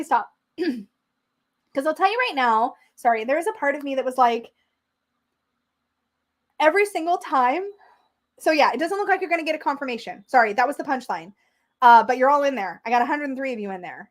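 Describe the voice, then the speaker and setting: A young woman chats her way through a casual livestream with a slightly high voice. She is excitable and talkative, and she reads out viewer comments as she goes. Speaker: tarot livestream host.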